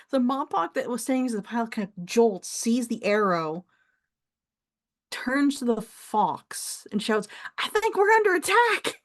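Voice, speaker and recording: A woman's voice: a little high, expressive, measured pace, long pauses. Laughing woman game master. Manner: chatty, laughs often. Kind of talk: narrating a tabletop game.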